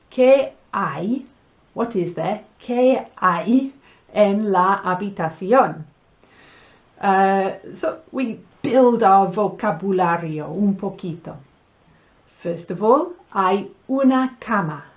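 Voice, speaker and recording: A woman teaching Spanish vocabulary, explaining words patiently and sounding them out slowly and playfully. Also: mid-range voice, animated. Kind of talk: language lesson.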